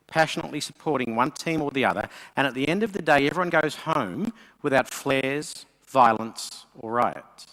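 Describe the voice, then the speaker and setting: A man giving a lively conference talk from a stage, telling stories and speaking to the audience. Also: medium pitch. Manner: lively storyteller, voices characters in jokes. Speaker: keynote speaker. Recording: long hall reverb.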